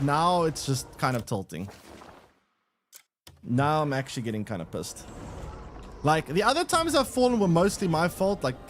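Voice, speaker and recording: A man commentating his game live for chat, his fairly high voice swinging up and down as he thinks out loud. He rambles and restarts his sentences, and faint game music sits behind him.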